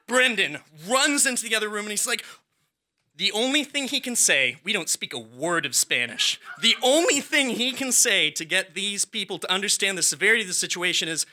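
A man with a high, very bright voice tells a funny story about himself. He talks in an excitable, breathless rush and laughs through his lines. His pitch swoops all over the place. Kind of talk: comedic personal storytelling.

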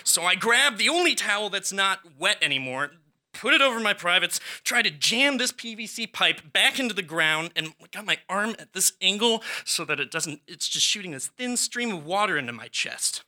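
A man with a high, very bright voice tells a funny story about himself. He talks in an excitable, breathless rush and laughs through his lines. His pitch swoops all over the place. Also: normal speed. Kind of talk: comedic personal storytelling.

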